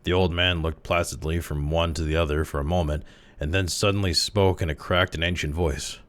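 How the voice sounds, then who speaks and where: A man casually reading a classic short story aloud, with expressive, dramatic delivery. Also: low voice, fairly quick. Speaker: narrator, audiobook reader.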